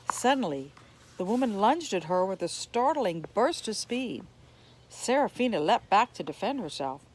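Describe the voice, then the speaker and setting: Slow, expressive woman reading a novel. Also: mid-range voice, rough recording. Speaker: audiobook reader.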